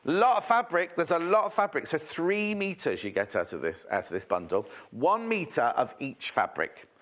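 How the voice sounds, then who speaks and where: A man's voice: fairly high pitch, big pitch swings, moderate pace, fairly bright tone. A man presenting a TV shopping show in a chatty, rambling, jokey way, full of asides. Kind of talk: chatty live sales presentation.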